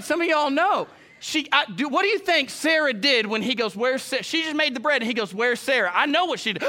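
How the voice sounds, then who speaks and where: A man preaching a sermon to a live congregation, animated and jumping up to loud exclamations and acted-out quotes. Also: high voice. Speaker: pastor. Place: church sanctuary with a live congregation.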